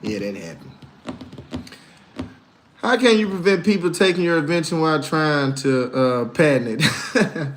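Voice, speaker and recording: A man chatting casually on a livestream, slangy and animated, telling stories and answering viewers. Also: fairly high pitch, measured pace, pauses often, a little hiss or hum. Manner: animated, slangy, storytelling with put-on voices. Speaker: livestreamer and musician.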